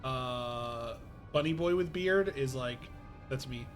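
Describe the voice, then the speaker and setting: A man reacting casually and excitedly while streaming a game, swearing and laughing often. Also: medium pitch, takes it slowly, soft background music.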